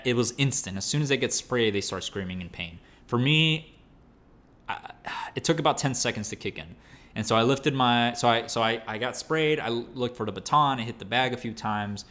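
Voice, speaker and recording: A man's voice: mid-range voice, lively intonation, moderate pace, a bit bright. A man hosting a show, telling a story in casual slang and acting out his own reactions. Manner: slangy, many fillers like "like" and "bro". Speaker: podcast host.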